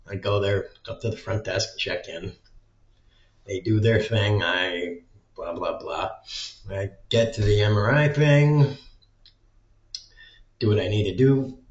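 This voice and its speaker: A man talking in a casual, rambling monologue as a vlogger, packing his talk with "like". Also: lowish voice. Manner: rambling, heavy use of "like" filler. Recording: echoey room, dull lo-fi sound.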